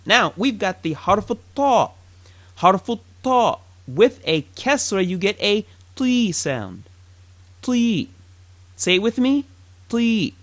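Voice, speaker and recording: A very slow, lively-pitched teacher drilling sounds. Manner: drills sounds slowly, repeats each syllable and asks listeners to repeat; light, joking asides. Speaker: Arabic teacher. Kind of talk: recorded language lesson, pronunciation drill.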